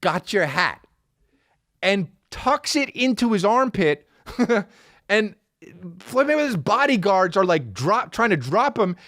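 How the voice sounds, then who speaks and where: A man's voice: sits high, big pitch swings, unhurried, a bit bright, no echo, clean studio sound. A man hosting a podcast, ranting casually in a profane, rambling way, full of restarts as he tells a story. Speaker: podcast host. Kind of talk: casual comedic rant. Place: podcast studio.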